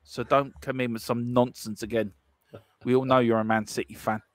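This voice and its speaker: Here the Cork-accented Irishman co-hosting the live football stream sounds medium-pitched and flat, keeping a moderate pace with no echo. He laughs and teases his way through loose banter packed with fillers.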